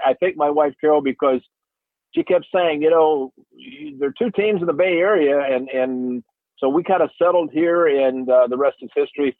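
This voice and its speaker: A man's voice: a little high, no echo. An older man telling rambling stories on a radio sports show, with many restarts. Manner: rambling, warm storytelling with restarts. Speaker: radio analyst and former player. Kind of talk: casual radio chat. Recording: dry, phone-like radio line.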